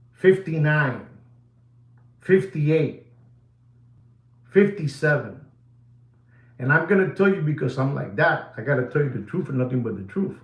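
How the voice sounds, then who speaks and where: Recorded in an echoey room, a medium-pitched man presents a watch market update with theatrical animation. He swings from loud calls to hushed asides and drops Spanish phrases into his English.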